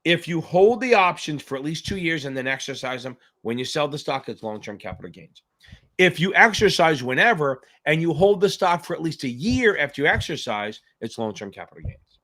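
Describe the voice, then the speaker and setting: A male exam tutor hosts a live question-and-answer stream in a loose, joking way. He rambles and swears freely in a slightly high voice. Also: very animated, fairly quick, bright, forceful tone. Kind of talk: casual live-stream chat.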